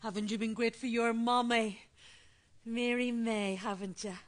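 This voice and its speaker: A woman's voice: high voice, very animated, a little slow, a bit bright, heavily acted. An actress playing a middle-aged grandmother, gushing over the baby and scolding her husband. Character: doting Belfast grandmother, sharp-tongued wife. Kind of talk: stage play acting.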